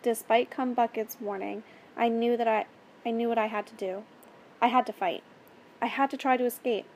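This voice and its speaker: A woman narrating a first-person story in a steady, plain reading style. Her voice sits fairly high, and a faint background hiss runs under it. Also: moderate pace.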